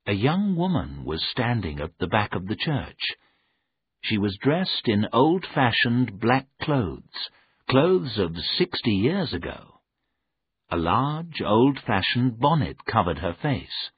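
A man reading a story aloud in a measured, deliberate narration. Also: on the low side, breathy edge. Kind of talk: scripted audiobook narration. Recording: narrow phone-like audio.

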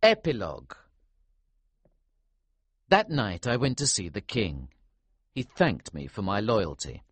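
A man with a low, husky voice narrates a storybook in the first person. His delivery is lively, rising and falling widely. The sound is dry and close to the mic. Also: slow, no room sound. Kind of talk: storybook reading.

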